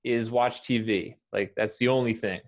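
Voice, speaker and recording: A man with an American accent, teaching pronunciation and patiently modelling words slowly, one at a time. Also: on the low side, fairly even intonation. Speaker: English teacher. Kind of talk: pronunciation coaching. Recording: dull lo-fi audio.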